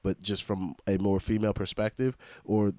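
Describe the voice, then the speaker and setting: A man's voice: on the low side, little pitch movement, moderate pace, dark tone, no echo. A man hosting a reaction video, commenting in a blunt, profane, exasperated way.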